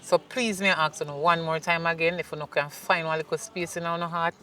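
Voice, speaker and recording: A woman's voice: fairly low pitch, fairly even intonation, brisk, lightly acted, rough recording. A woman with a Jamaican accent playing a remorseful mother who pleads with her daughter in patois. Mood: heartfelt apology. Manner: pleading, apologetic, speaks in patois. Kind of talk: film acting.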